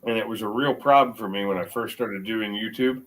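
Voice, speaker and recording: A man's voice: on the low side, rough recording. Rambling middle-aged American man. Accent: mixed American. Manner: rambling, halting restarts. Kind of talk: casual chat.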